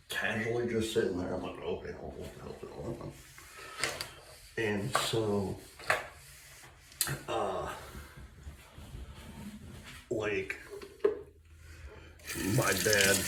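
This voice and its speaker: A man's voice: fairly low pitch, very noisy. A man telling a long casual story in a rambling way with lots of fillers, recorded in a bathroom. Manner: rambling, filler-heavy anecdote with quoted voices. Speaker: shaving vlogger. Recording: echoey room, mic at a distance.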